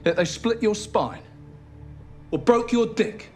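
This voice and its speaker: A man's voice: high voice, takes it slowly, a little mellow, soft background music. An actor playing a domineering, aggressive man who swears constantly and spits out every word with emphasis. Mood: contemptuous. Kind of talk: TV drama acting.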